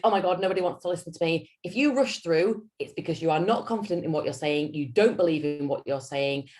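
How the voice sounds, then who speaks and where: A woman with a Yorkshire accent giving a lunch-and-learn talk as a public speaking coach, animated and theatrical, her voice swinging up and down. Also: sits low.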